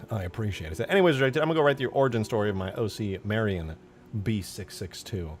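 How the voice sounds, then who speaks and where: A young man live-streaming his game modding, chatting casually with viewers and breaking into loud, goofy shouts. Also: on the low side, quick pace, soft background music. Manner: excitable, jumps to loud shouts and goofy banter. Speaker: livestreaming game modder.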